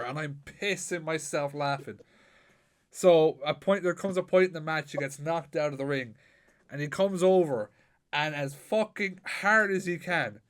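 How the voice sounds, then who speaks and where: A man hosting a casual podcast interview, telling animated stories and swearing freely. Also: fairly high pitch, clean tone. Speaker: podcast host.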